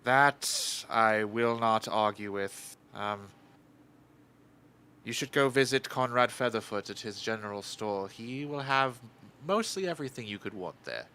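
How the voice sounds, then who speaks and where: A man's voice: lowish voice, measured pace, sharp tone, clear, resonant tone. A man playing his character in a tabletop game, wry and playful. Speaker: player.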